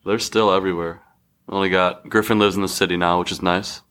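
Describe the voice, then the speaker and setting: A man's voice: low voice, fairly even intonation, quick pace, fairly bright tone, clear, resonant tone. A young man in his twenties, the host's younger brother, giving short, laconic answers in casual chat.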